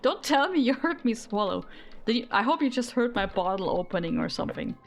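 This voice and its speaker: A woman's voice: on the high side, very animated, a little fast, faint music behind. Giggly young woman streamer, rambling. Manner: giggly, rambling, self-deprecating. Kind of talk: casual live-stream chat.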